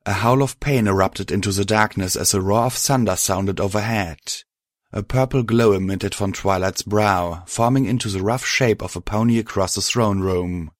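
A man narrating a story with a steady, dramatic reading. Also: lowish voice, moderate pace, no room sound, clean studio sound.

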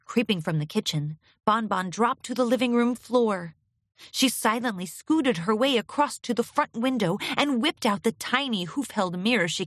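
A woman narrating a pony fan fiction story aloud in a steady, expressive storytelling manner. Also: medium pitch, no room sound, studio quality.

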